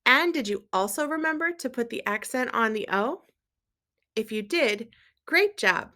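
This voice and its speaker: A woman teaching a Spanish lesson, quizzing viewers and gently checking their accent marks as she switches between English and Spanish. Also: a little high, lively intonation, moderate pace. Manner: asks quiz questions and gently checks accents. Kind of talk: recorded language lesson.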